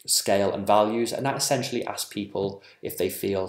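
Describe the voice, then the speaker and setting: A man presenting survey research at a conference, measured and full of ums and small self-corrections. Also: on the low side, roomy sound.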